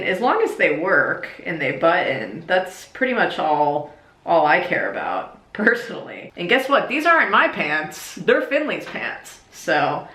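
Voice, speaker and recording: A woman's voice: lowish voice, pushed and bright, reverberant. A young woman chatting casually and self-mockingly as she sews, a little tipsy. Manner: chatty, self-mocking, slips into silly voices. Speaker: YouTuber. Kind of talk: casual comedic vlog while sewing and drinking.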